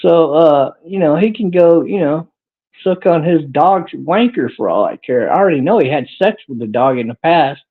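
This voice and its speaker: Rambling, crude streamer guy with a gravelly voice over lo-fi phone-quality sound. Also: fairly high pitch, animated, moderate pace. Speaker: livestream podcast host. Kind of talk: rambling livestream chat answering viewers. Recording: tinny phone-like audio.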